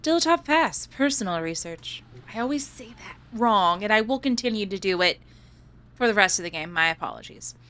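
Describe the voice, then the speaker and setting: A woman hosting a horror game let's-play, loud and joking, swearing freely and reading the game's text aloud. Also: medium pitch, brisk. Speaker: gaming channel host. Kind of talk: casual let's-play commentary.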